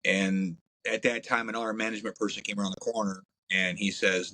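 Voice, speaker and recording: A man, a podcast guest, telling crude, blunt stories in a casual, animated way. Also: on the low side, fairly quick, hardly any pauses, slight background noise, low-quality recording. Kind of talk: profane casual storytelling.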